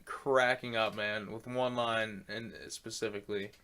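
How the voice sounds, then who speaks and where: A man's voice: fairly low pitch, fairly even intonation, unhurried, bright, forceful tone, clean tone. Laughing man chatting on a podcast. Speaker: podcast co-host. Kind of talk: casual chat about movies.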